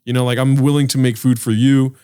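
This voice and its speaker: A man's voice: medium pitch, flat delivery, fairly quick, mellow, clear, resonant tone. Podcast co-host, male, mid-range voice, loose reflective ramble. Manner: rambling, reflective, lots of fillers. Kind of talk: casual chat.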